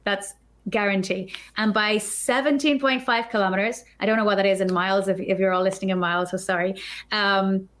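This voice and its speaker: A woman guest on a podcast, telling a story in a chatty, animated way and acting out her own thoughts. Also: mid-range voice, fairly quick. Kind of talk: casual storytelling.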